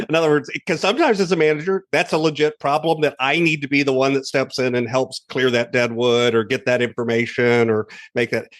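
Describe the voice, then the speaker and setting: A man hosting a podcast interview, chatting in a relaxed way and telling anecdotes. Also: mid-range voice, fairly quick, few pauses. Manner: relaxed and conversational, tells anecdotes. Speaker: podcast host. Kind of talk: casual interview chat.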